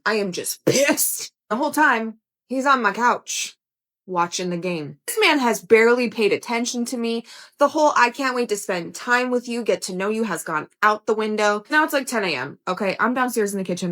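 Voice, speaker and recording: A young woman tells a bad-date story in a casual storytime voice. She sounds blunt and fed up, and she swears freely. Her pitch sits in the middle of the usual range. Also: fairly bright tone. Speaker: storyteller in a played clip.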